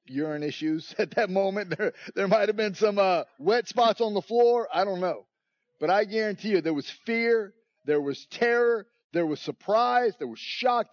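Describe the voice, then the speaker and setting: High-voiced male pastor, dramatic storyteller. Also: dry recording, muffled recording. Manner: dramatic storytelling, acts out scenes. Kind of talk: sermon.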